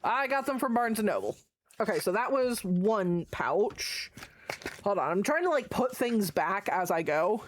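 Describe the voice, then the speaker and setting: A woman's voice: medium pitch, expressive, a little slow, a little hiss or hum. A woman streamer chatting casually and rambling as she shows items to her live chat, swearing freely. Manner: chatty, profane, rambling show-and-tell. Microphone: desk mic.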